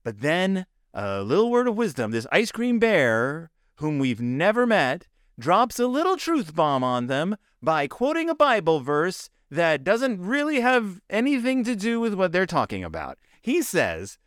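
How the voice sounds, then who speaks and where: Casting: man, comic book reviewer, rambling with wry asides, very lively pitch, dry close sound. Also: moderate pace, dry recording.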